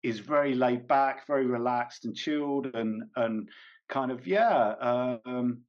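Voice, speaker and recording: A man's voice: mid-range voice, measured pace. A man being interviewed as a comedian and actor, talking casually and hesitantly with many fillers, restarts and small laughs. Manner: rambling, hesitant, frequent fillers and self-corrections, laughs often. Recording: dull lo-fi recording.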